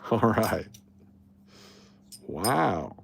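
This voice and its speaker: Guy w a lowish voice doing a casual livestream, blunt n jokey, rambling at chat. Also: sing-song, drawn-out words, vocal fry, slight background noise. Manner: blunt, joking, rambling while reading the chat. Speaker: livestream host.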